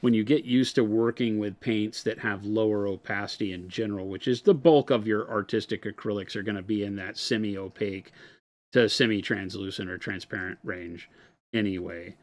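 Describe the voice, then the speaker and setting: A man with a fairly low voice, talking casually on a live painting stream. He explains things in loose, wandering answers, padding them with "you know" and "um" as he goes. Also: normal speed. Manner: relaxed, rambling explanations with many fillers. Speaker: painting host answering viewer questions. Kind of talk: live-stream hobby chat.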